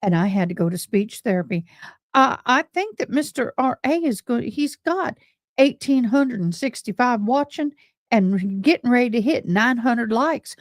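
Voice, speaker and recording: A chatty Southern woman hosting a livestream, her Tennessee and Texas drawl folksy and playful. Her voice sits a touch high and the sound is close and dry, with no room around it. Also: no room sound. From East Tennessee, raised in Louisiana. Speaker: livestream host. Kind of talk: casual livestream chat.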